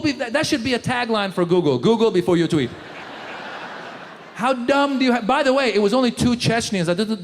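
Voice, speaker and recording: A man doing a stand-up comedy set, animated, slipping into loud impressions of the people in his jokes. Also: extremely high pitch, slight background noise. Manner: animated, jumps into shouted impressions. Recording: live show in a large hall.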